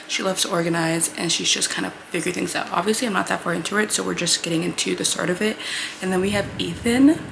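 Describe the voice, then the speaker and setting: Gravelly-voiced young woman gushing over books. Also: fairly low pitch, noisy background. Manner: bubbly, gushing, filler-heavy with frequent "like". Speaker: book vlogger. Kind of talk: casual reading vlog chat.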